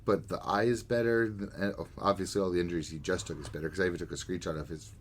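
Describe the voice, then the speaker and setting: A man co-hosting a podcast in casual chat, excitable, laughing often and swearing casually. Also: deep voice, fast talker, slight background noise. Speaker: podcast co-host.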